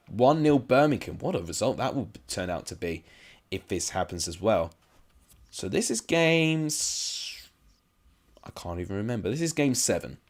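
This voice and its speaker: A man's voice: medium pitch, a little mellow. A man giving casual live-stream commentary on simulated football matches, chatty and rambling, with asides to his viewers.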